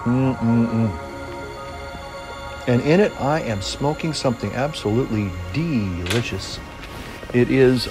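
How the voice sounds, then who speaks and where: An older man talks in an unhurried drawl, pausing often to hum appreciatively as he chats with viewers. He sits out on a veranda while music plays clearly behind him. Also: medium pitch. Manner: leisurely, savoring, humming "mm" between phrases. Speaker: pipe-smoking vlogger. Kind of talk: relaxed casual chat to viewers. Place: outdoors on a veranda deck.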